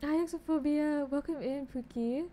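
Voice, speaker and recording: High-pitched with a dark tone, her voice moves at normal speed as she chats casually and bubbly on a game live stream. The young woman greets viewers with pet names, and faint background noise can be heard.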